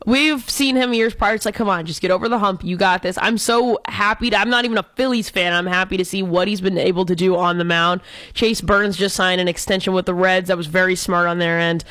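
A woman's voice: mid-range voice, little pitch movement, brisk, fairly bright tone, no echo. A woman co-hosting a casual sports talk show, giving enthusiastic, opinionated takes like an eager fan. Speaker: co-host.

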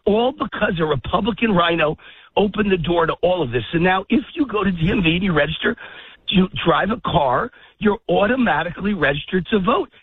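A husky, out-of-breath man rants heatedly down a tinny phone line, his voice pitched fairly high. He walks outdoors as he talks, pushing his points hard. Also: lively intonation, dry recording. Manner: heated, emphatic, rapid-fire ranting. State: out of breath, walking a dog. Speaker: political commentator guest. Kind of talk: phone-in talk radio interview. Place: outdoors in a park, walking.

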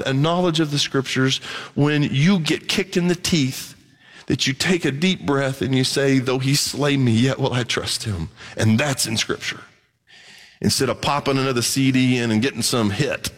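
A man delivering a sermon in a casual, conversational way, his fairly high voice rising when he gets worked up and dropping low for quiet asides. The long reverb of a big hall trails behind his words. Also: normal speed. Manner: conversational preaching, swings from quiet asides to excited emphasis. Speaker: pastor.

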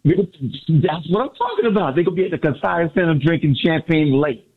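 Excitable male caller on a tinny phone line. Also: fairly high pitch, brisk, breathy edge. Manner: excitable, repetitive, boastful fan. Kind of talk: excited call-in sports talk. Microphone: phone call from a car.

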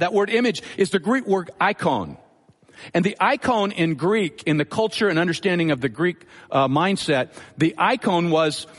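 Man preaching in a reverberant hall. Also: sits high. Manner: measured teaching, emphatic repetitions. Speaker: pastor. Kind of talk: sermon.

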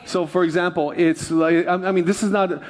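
A male pastor delivers a sermon in a church, his voice sitting a little higher than most men's. He talks in a loose, conversational way, joking with the congregation between his points. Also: steady tone, moderate pace.

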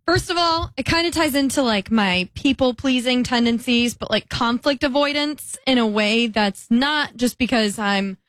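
Chatty young woman, higher voice, dry. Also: normal speed, few pauses, fairly bright tone, no echo. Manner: chatty, acts out quoted voices. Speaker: podcast co-host. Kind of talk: casual chat.

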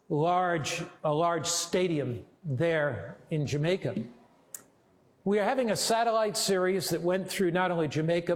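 A male pastor preaching with deliberate, emphatic storytelling. His voice sits fairly high for a man, and he slows down on key phrases to drive them home. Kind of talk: sermon.

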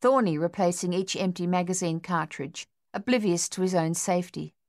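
A woman narrating an audiobook in a measured, even reading. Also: fairly low pitch. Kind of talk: scripted narration.

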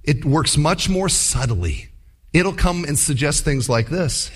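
A man's voice: fairly high pitch, takes it slowly, breathy edge. A man preaching a sermon, telling stories and acting out voices along the way. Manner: animated storytelling with acted-out voices. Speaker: pastor.

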